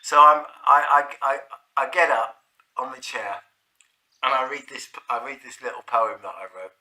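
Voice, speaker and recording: A man's voice: mid-range voice, normal speed, pushed and bright, low-quality recording. A man telling a casual anecdote, rambling with fillers and chuckling.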